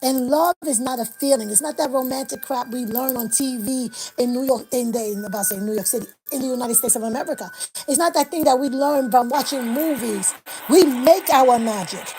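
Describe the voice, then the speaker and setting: Woman, 50s, livestream host, high pitch, fervent affirmation-heavy delivery, faint music behind. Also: brisk, darkish tone, poor audio. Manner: impassioned, preacher-like cadence with repeated affirmations. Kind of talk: motivational livestream talk.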